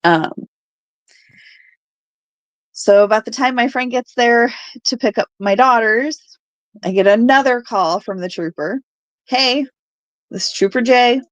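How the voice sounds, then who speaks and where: A woman in her thirties telling her own family story on a podcast, halting often with fillers and quoting what people said. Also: a little high, no room sound. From Alaska. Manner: halting, with fillers and quoted dialogue. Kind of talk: personal story told on a podcast.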